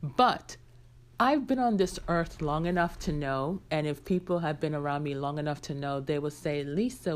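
A woman's voice: sits low, moderate pace. A woman hosting her own podcast, telling a personal story candidly and talking straight to her listeners. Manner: candid, conversational, addresses listeners directly. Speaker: podcast host.

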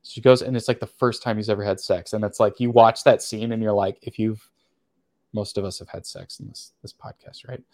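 A man's voice: fairly low pitch, steady tone, brisk, darkish tone. Man retelling a movie plot, rambling. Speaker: podcast co-host. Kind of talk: casual movie review chat.

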